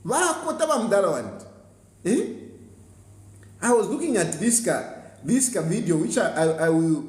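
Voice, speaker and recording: A man's voice: high voice, very animated, normal speed, a little mellow. A Zambian man hosting a political commentary show, scolding and combative, repeating phrases for emphasis and slipping into local words. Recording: roomy echo.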